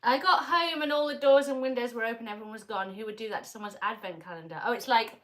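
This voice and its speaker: A woman's voice: fairly high pitch, quick pace, fairly bright tone. A woman hosting a livestream in casual chat, playful and joking, often laughing. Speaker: livestream host.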